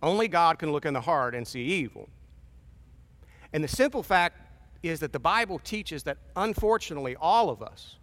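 A man's voice: on the high side, lively intonation, normal speed, fairly bright tone. A man in his fifties preaching a sermon in a conversational, storytelling way with wry asides. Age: 50s.

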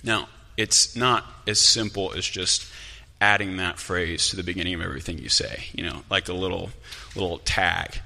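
A man preaching a sermon as pastor, talking in a conversational, animated way in a church sanctuary. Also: sits low, normal speed, creaky. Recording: long hall reverb.

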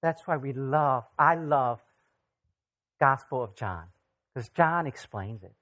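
Pastor, mid-pitched voice, relaxed sermon delivery, talks to the room with lots of rhetorical questions. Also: takes it slowly. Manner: conversational, asks the audience rhetorical questions.

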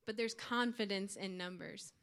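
A woman's voice: mid-range voice, moderate pace, a bit bright, clean tone. A young woman giving an earnest, informal youth sermon to her church group, with light laughs. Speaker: youth speaker.

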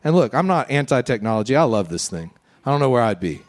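A man preaching a conversational sermon, then leading the congregation in a slow, quiet breathing prayer. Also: medium pitch, very animated. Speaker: pastor.

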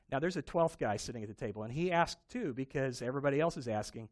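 A man preaching a sermon, telling a Bible story with animated emphasis. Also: medium pitch, fast, few pauses. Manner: animated storytelling, acting out quoted voices. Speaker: pastor.

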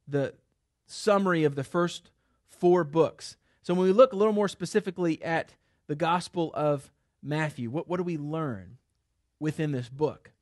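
Guy teaching a bible study group, kinda high voice, dry close mic, lots of ums and restarts. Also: dry recording. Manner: loose, conversational, with many fillers and restarts. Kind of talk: classroom Bible lesson. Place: room with a small group of listeners.

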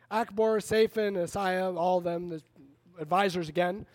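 A man preaching a sermon in a conversational, animated way, retelling a story with frequent restarts. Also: high voice. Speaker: pastor.

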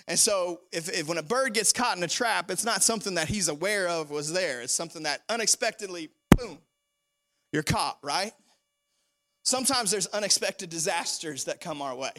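A man preaching a sermon as pastor, animated and full of repeated phrases. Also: high-pitched, normal speed.

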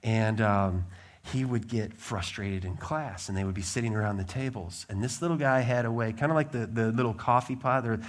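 A man preaching a sermon as a pastor, emphatic and blunt, with lively swings in his delivery. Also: fairly low pitch, moderate pace.

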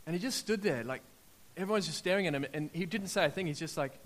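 Delivering a sermon in a fairly high voice, a middle-aged Australian man talks fast, recounting personal testimonies and dramatizing what people said. His energy mounts into loud, excited peaks.

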